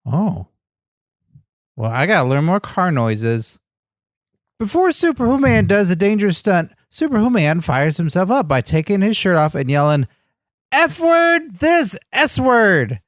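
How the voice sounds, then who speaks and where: A man's voice: high-pitched, expressive, moderate pace, dry recording, clean studio sound. Naive, sing-song male comedy co-host. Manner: naive and innocently oblivious. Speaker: podcast co-host. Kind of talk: comedy podcast banter.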